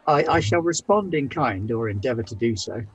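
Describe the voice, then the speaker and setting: A man with a British accent playing a tabletop game, speaking in a mock-formal, lively way. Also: mid-range voice, fairly quick. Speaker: player.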